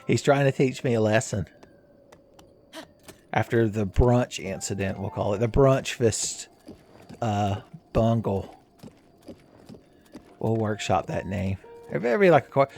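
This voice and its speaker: Animated, jokey man playing a game. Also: on the low side, slow pace, creaky, pauses often, a little hiss or hum. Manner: jokey, rambling, crude humor. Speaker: let's play host. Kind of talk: casual game commentary.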